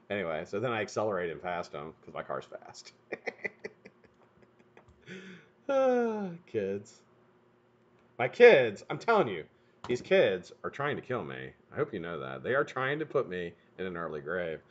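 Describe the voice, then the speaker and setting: A middle-aged man hosting a live stream, telling a profane, animated story while he works. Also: on the low side, unhurried, long pauses. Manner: animated, profane, laughs at his own story. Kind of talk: casual storytelling while building coils. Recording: dull lo-fi stream audio.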